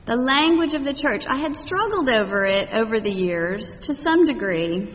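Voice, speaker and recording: A woman's voice: on the high side, expressive, moderate pace, a bit bright, a little hiss or hum. A middle-aged woman from Texas, sharing her personal faith story with a congregation, rambling with many fillers and asides. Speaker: congregation member. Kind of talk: personal testimony talk. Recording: muffled echoey hall recording.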